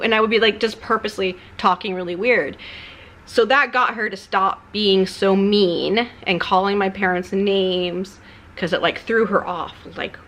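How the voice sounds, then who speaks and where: A woman's voice: medium pitch, steady tone, unhurried, fairly bright tone. A woman YouTuber talking candidly and a bit ramblingly in a personal vlog, her tone subdued and confessional.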